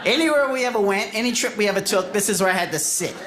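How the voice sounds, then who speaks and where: A man from New York City doing a stand-up comedy set, telling stories with lively quoted voices. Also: quick pace, very noisy. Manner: animated storytelling, jumps into high voices for quotes. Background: audience laughter.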